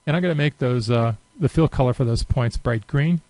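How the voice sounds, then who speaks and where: A man giving a relaxed, unscripted screen-recorded software tutorial, thinking aloud with many fillers. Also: medium pitch, a little fast, dry recording, rough recording. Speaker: software demonstrator.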